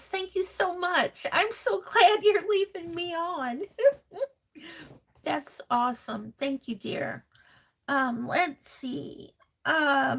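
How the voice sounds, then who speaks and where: Her voice high and sharp, a crafting channel host chats casually through viewer comments on her live stream. Frequent laughter mixes with affectionate names like honey and sweetheart.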